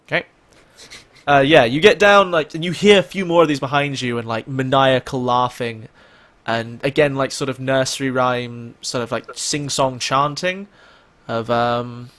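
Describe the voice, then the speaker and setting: A man's voice: mid-range voice, fairly even intonation, moderate pace, a bit bright. Rambling man running a game. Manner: rambling, filler-heavy narration. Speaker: game master. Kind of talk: narrating a tabletop game.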